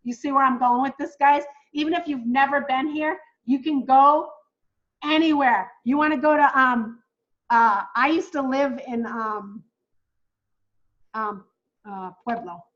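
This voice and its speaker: A woman coaching new travel agents in a casual, excitable way, talking straight to viewers as "guys". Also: high voice, unhurried, lo-fi sound. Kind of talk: casual teaching while screen-sharing.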